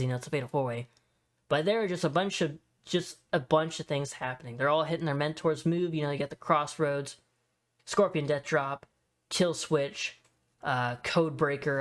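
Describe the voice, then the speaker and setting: A young man giving casual, excitable tier-list commentary, swearing freely and saying dude a lot. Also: fairly high pitch. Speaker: wrestling video host.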